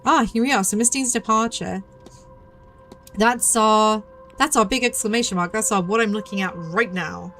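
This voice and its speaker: A woman's voice: medium pitch, normal speed, a bit bright, soft background music. A young adult woman streaming a game, chatting casually, reading game text aloud and joking about herself. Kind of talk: casual gameplay commentary.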